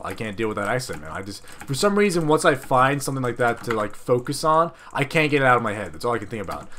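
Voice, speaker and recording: A young man giving casual gameplay commentary, rambling and profane, with excitable bursts and frequent restarts. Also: medium pitch, a little hiss or hum. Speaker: gaming video creator.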